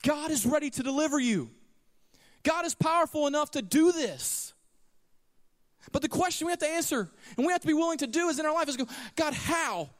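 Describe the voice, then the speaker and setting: A male pastor preaching in a church, his fairly high voice swinging widely up and down as he tells stories and acts out what people say. A long hall reverb trails behind his words. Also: fairly quick. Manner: animated storytelling, acting out quoted lines. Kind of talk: sermon. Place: church sanctuary.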